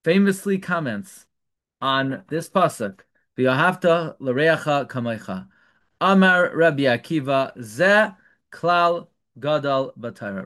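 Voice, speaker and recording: A man's voice: a little high, a bit bright. A man giving a Torah lecture, translating Hebrew phrases and firing off rhetorical questions. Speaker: rabbi teaching Torah class.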